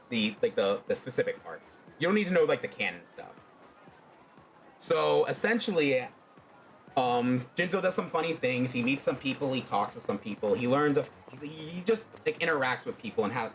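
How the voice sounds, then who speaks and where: A man telling a fan story in a loose, rambling way, dropping filler words all through. His pitch moves around a lot, with a faint hum of background noise behind him. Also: very animated, moderate pace. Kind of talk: casual storytelling.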